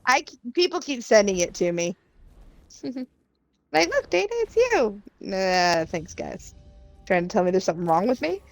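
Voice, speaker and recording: A woman's voice: on the low side, animated, moderate pace, dry recording. A woman in casual gaming chat who laughs often and teases her friends.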